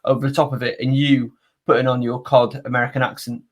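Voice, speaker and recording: A man from North Wales hosting a basketball podcast, chatting casually in an animated, teasing way and correcting himself as he goes. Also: medium pitch, fast talker, heavy background noise. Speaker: podcast host. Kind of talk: casual interview chat.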